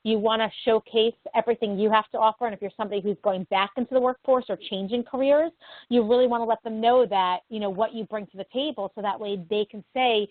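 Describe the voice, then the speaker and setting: A woman from New Jersey with no regional accent, a career services professional answering interview questions in a calm, practical way. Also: fairly high pitch, fast talker, no room sound. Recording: tinny phone line, dry.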